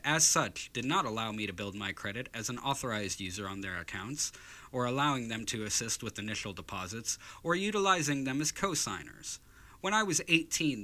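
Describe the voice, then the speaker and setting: A man's voice: medium pitch, sharp tone. A man putting on the voice of an old-time union organizer giving a soapbox speech. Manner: rousing, oratorical.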